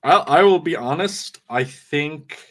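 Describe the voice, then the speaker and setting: A man's voice: fairly high pitch, takes it slowly, fairly bright tone. Chatty man, hesitant author. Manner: chatty, hesitant, many restarts. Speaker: author, interview guest. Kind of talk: casual interview chat.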